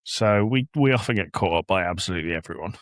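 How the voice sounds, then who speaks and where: Talking fast in a low-pitched voice, this man from England hosts a podcast and animatedly tells stories, voicing the quotes himself. He's an adult with a young child, recorded in a clean, echo-free studio.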